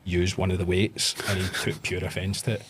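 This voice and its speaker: A Glaswegian man in his thirties, a pro wrestler, chatting as a guest and telling animated stories with plenty of swearing. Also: low-pitched, a little fast, slight background noise. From Scotland. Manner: animated storyteller, swears, acts out voices in anecdotes. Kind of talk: casual storytelling chat.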